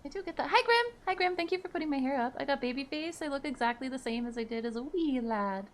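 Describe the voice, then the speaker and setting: A woman's voice: high-pitched, expressive, quick pace, few pauses. A woman in her thirties casually chatting with viewers on a live stream, laughing easily and reading their messages aloud. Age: 30s.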